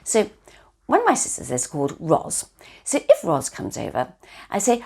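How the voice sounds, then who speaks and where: An older woman talks gently and encouragingly to children about good manners. Her voice sits low with a slightly husky edge, and her pitch swings lively up and down as she teaches. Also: normal speed. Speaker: etiquette teacher. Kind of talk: children's etiquette lesson video.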